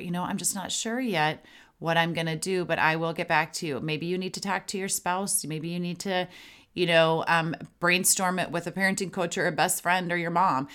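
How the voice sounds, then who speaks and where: Chatty woman podcast host, lowish voice. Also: fairly even intonation, a little fast, a bit bright. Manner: conversational, acts out sample phrases to kids. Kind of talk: casual advice monologue.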